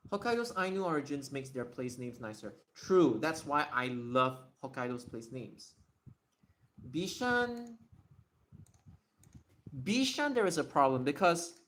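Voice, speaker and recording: A man with a slightly high, fairly bright voice hosts a casual livestream Q&A while he writes, thinking out loud and frequently correcting himself and saying sorry.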